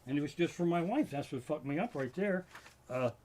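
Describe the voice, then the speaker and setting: A man doing a profane stand-up routine from his living room, ranting in loud swearing bursts. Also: fairly high pitch, expressive, a little fast. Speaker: stand-up comedian.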